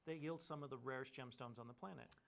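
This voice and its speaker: A man's voice: mid-range voice, quick pace, vocal fry, noisy background. A man co-hosting a live jewelry shopping presentation, explaining gem sources and craftsmanship in detail.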